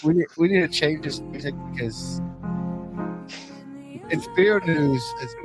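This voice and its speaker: A man's voice: on the high side, a little slow, over music. A man in casual podcast chat, playful and chuckling.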